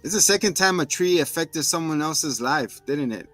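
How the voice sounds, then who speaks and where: A man casually recapping a TV episode, acting out characters in sudden high voices, laughing and swearing often. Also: moderate pace, soft background music. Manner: animated, acts out characters in bursts of high voices. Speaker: podcast co-host recapping a TV episode. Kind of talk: casual chat.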